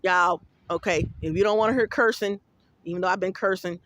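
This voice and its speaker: A woman's voice: on the low side, steady tone, fairly quick, a bit bright, no echo. A woman giving a rambling casual vlog monologue. She tells her stories bluntly and profanely, with plenty of animation. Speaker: vlogger.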